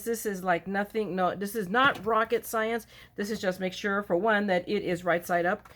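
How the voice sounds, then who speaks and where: A woman hosting a card-making tutorial in casual, rambling chat, loud and full of self-joking asides. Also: medium pitch, a little hiss or hum. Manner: loud talker.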